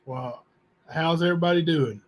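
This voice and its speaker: Man reading letters aloud, slightly high. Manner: plain, unhurried reading with asides and spelling out words. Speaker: channel host.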